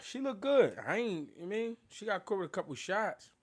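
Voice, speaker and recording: A man's voice: sits high, big pitch swings, moderate pace. A man hosting a boxing live stream, chatting casually in loose street slang, laughing and thanking viewers. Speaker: boxing livestream host.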